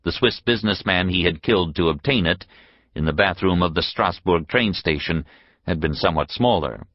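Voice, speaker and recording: A man reading an unabridged novel as an audiobook narrator, measured and expressive. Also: deep voice, no room sound, dull audio. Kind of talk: scripted narration.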